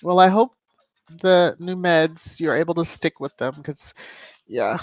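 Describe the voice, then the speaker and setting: This YouTube live-stream host, a woman, chats casually through comments, calling out viewers by name and adding emphatic asides. Her voice is on the low side and a little mellow, at a measured pace, in a dry, muffled recording.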